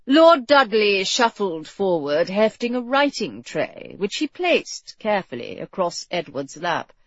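A woman narrating a historical novel aloud at a very slow, measured pace. Her tone is even and steady. The recording is dry and slightly dull, with no room sound. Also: medium pitch, no room sound. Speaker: audiobook narrator. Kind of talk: scripted narration. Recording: dull, dry close-miked audio.

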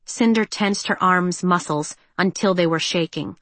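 Woman, audiobook narration, lowish voice, dry close sound. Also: a little slow, a bit bright, dry recording. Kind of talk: scripted narration.

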